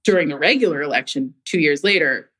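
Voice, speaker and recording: A woman's voice: low voice, quick pace, husky. A woman in her thirties from Massachusetts calling in to tell a story casually, often breaking into laughter as she talks. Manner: laughs often mid-sentence, animated. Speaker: caller.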